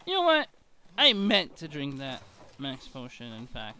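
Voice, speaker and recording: A man giving excitable gameplay commentary while sick with a bad cough, breaking into frequent exclamations. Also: mid-range voice, measured pace, clear, resonant tone. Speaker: gamer.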